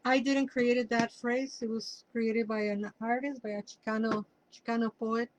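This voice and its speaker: Spanish-accented lady reading tarot cards, rambly and chatty, kinda high voice. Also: flat delivery, moderate pace, low-quality recording. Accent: Mexican Spanish. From Mexico City. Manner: chatty, rambling, drifts into personal asides. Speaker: tarot reader. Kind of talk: casual tarot reading for viewers.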